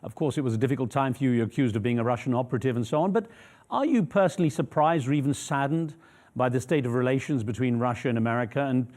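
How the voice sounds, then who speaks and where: A man interviewing a guest on a news program, asking probing, measured questions. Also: mid-range voice, a little mellow.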